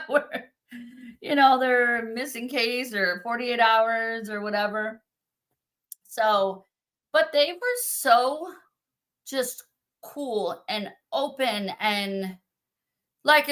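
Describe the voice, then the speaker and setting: A middle-aged woman, a psychic medium guest, telling her story in an interview with animated quoting. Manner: animated, acts out quotes in a high voice.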